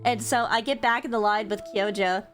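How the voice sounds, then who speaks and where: A young woman streamer chatting with her viewers about a convention, bubbly and quick to swear, with lots of "like". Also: medium pitch, fairly even intonation, a bit bright, faint music behind. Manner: bubbly storytelling, swears freely, frequent "like". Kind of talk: casual chat to stream viewers.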